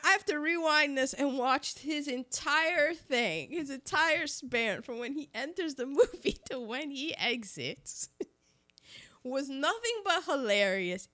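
A woman with a high, bright, ringing voice talks through a movie in a casual chat. She tells it at an unhurried pace, laughing often and stumbling over restarts as she gets excited about her favorite scenes. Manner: animated, laughs often while retelling scenes. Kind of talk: casual film discussion.

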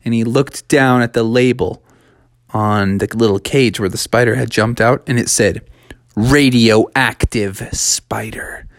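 A podcast storyteller reading a children's story in a relaxed, rambling way with fillers. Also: medium pitch, moderate pace, dry recording, clean studio sound.

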